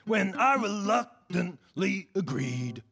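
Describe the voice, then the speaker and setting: A man voicing a crude, deadpan bluesy dude with an Australian accent, talking and singing with guitar on a comedy stage. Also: sits high, takes it slowly, vocal fry, exaggerated voice. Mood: crooning.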